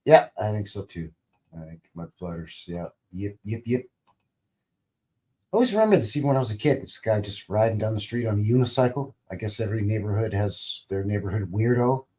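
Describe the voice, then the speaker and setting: A man's voice: lowish voice, lively intonation, normal speed, mellow. A man in his fifties hosting a casual live stream, commenting on old TV clips in a rambling way with joking asides and lots of fillers. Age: 50s. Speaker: channel host.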